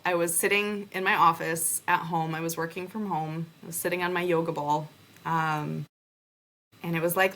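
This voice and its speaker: A young adult woman tells a personal story on her podcast with a bright, slightly low voice. She is animated and acts out the conversations she quotes as she goes. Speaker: podcast host.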